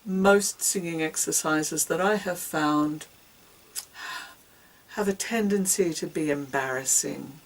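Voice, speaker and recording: A woman's voice: deep voice, takes it slowly, recorded from a distance, poor audio. A woman giving a casual singing lesson, demonstrating breathing exercises with whoops, grunts and hisses. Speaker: singing teacher.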